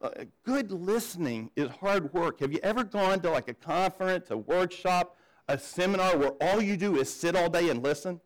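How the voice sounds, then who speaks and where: Conversational male pastor, slightly high voice. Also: animated, moderate pace, rough recording. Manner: conversational, repeats words when starting sentences, asks the audience questions. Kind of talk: sermon. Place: church.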